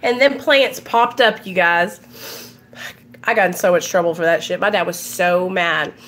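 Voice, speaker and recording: A woman's voice: fairly low pitch, normal speed, a bit bright, slight background noise. A woman in her twenties telling loose, candid stories to camera at home, laughing often and filling her talk with "like". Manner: coughs now and then. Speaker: vlogger. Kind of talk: casual storytelling to camera.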